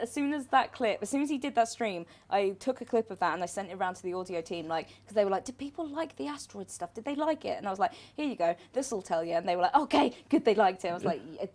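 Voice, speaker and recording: A woman's voice: mid-range voice, quick pace, few pauses, darkish tone. A woman hosting a livestream, gushing and laughing as she introduces fan clips in casual chat. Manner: giggly, gushing, laughs often. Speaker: stream host.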